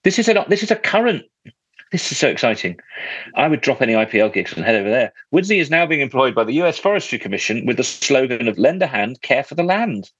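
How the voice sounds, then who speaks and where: A man's voice: mid-range voice, big pitch swings, quick pace, a bit bright, breathy edge, dry recording, lo-fi sound. A man hosting a casual podcast, reading out listener letters with a jokey, teasing manner. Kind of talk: casual chat.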